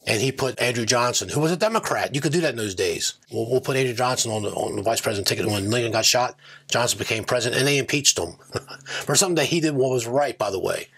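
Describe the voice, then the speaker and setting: A man's voice: medium pitch, animated, fast, a bit bright, slightly rough. A man hosting his own political commentary channel, talking in a combative, digressive rant that keeps circling back on itself. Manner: combative, digressive, self-correcting.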